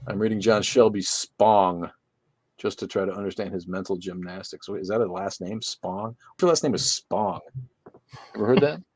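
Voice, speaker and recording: A man with a somewhat low voice runs a casual livestream from his room, reading viewer comments and firing back sarcastic, swearing jokes. The sound is dry and close, with no room echo. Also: normal speed, darkish tone. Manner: sarcastic, joking, swears freely. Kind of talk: casual profane livestream chat.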